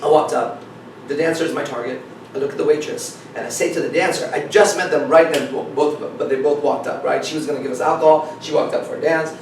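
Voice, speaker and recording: A man with a fairly high voice tells a story with emphasis, acting out what each person said. He is recorded from a distance in a strongly echoing room, with a faint hiss underneath. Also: fast. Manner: acts out dialogue, emphatic, repeats "I said". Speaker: dating coach speaker. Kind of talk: animated storytelling talk. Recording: echoey room, speaker away from the mic.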